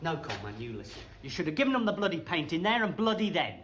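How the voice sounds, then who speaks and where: A man's voice: a little high, big pitch swings, quick pace, fairly bright tone, roomy sound. An actor playing a blunt, hot-headed man with a Yorkshire accent who swears and scorns in a TV drama. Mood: scornful. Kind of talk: TV drama acting.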